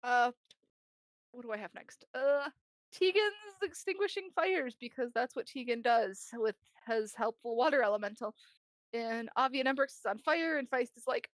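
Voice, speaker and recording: A woman's voice: on the high side, dry recording. A woman game master recapping the last sessions of a tabletop game, rambling and laughing as she quotes the players. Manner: laughing, rambling, quoting players in quick asides.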